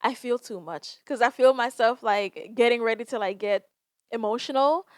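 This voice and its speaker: A woman's voice: a little high, moderate pace, no room sound, clean studio sound. A young woman hosting a solo podcast, talking candidly and emotionally with frequent sighs and swearing. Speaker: podcast host. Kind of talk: casual solo podcast talk.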